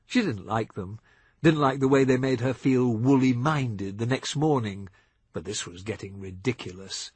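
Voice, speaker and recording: A man reading a novel aloud as audiobook narrator, measured and expressive, on a close studio mic. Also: mid-range voice, breathy edge, no room sound.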